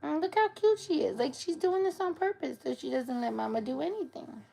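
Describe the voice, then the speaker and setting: A woman's voice: high voice, animated, fairly quick, creaky, mellow. A woman chatting on a live stream, playful and cooing at her pets in baby talk. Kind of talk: casual live-stream chat.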